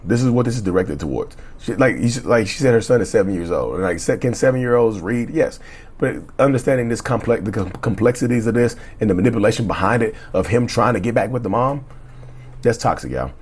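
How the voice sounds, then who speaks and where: Here a narcissistic-abuse commentator on YouTube reads out viewer emails and speaks directly to his audience in an easygoing manner. His low-leaning voice is lively, fairly quick, a little mellow, and edged with breath. Repeated words and stumbles crop up as he reads.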